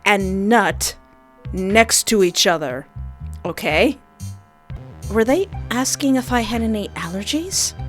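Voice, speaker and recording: A woman streamer reading a story game aloud and adding joking, expressive comments between lines. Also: mid-range voice.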